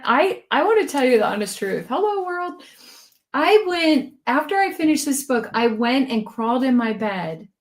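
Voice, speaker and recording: A middle-aged woman co-hosting a podcast interview, talking in an effusive, emotional and lively way. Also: on the high side. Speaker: podcast co-host. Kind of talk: casual interview chat.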